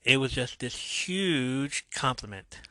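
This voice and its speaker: A male podcast host walks through an episode in loose, casual recap mode. His voice is bright and forward, recorded dry and close. He breaks off into jokey asides and corrects himself as he goes. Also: mid-range voice, animated, slow, no room sound. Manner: joking asides, self-correcting.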